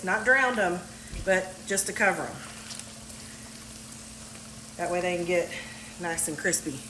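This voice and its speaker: A home cook vlogger with a medium-pitched voice chats casually and folksily while frying on the stove in her home kitchen, laughing easily. The echoey room is filled with loud sizzling and stirring, and there's a little hiss or hum on the recording.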